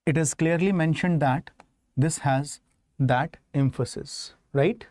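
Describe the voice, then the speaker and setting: A man with an Indian English accent teaches grammar to exam students online. His voice sits a little high but sounds mellow and soft-edged. It comes across close and dry, with no room around it. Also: slow pace, no echo. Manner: explains step by step, asks students to confirm.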